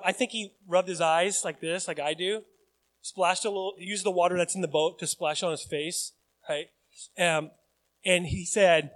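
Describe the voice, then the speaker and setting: A male pastor preaching a sermon in a church, acting out desperate cries and then dropping to quiet reflection. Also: high voice. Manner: animated, acts out pleading cries then drops to quiet reflection.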